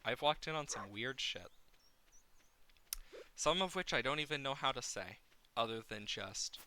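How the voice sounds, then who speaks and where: A man live-streaming a farming game, rambling playfully and getting excited. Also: mid-range voice, measured pace.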